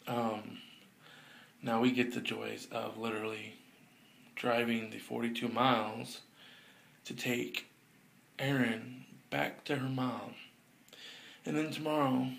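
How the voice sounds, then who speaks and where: Young man, gravelly and slow, sleepy rambling vlog diary. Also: mid-range voice, fairly bright tone. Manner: drawling, rambling, laid-back with fillers. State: sleepy, yawning. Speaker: vlogger. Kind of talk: casual video diary.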